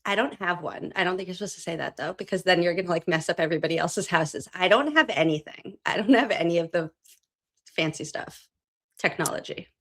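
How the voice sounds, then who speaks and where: A woman's voice: on the low side, brisk, a bit bright. A woman hosting a casual chat, teasing her guest and laughing often. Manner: giggly, laughs often and teases. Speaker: host.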